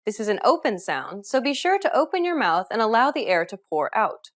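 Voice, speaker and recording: A woman narrating a scripted pronunciation lesson in a clear, instructive manner. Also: a little high, big pitch swings, fairly quick. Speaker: language teacher.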